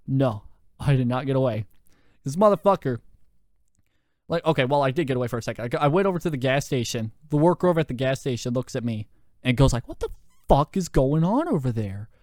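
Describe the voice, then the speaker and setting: A young man hosting a podcast, telling a story in a lively, profane way with lots of fillers, into a handheld mic. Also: medium pitch, quick pace, no echo, clean studio sound. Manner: animated, profane, full of fillers. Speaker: podcast host. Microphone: handheld microphone.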